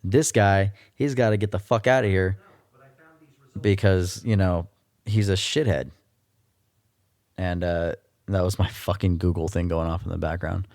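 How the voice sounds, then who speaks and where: A man's voice: low voice, fairly even intonation, a little slow, pauses often, darkish tone, dry recording. A man hosting a solo podcast, ranting in a casual, blunt and profane way. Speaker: podcast host.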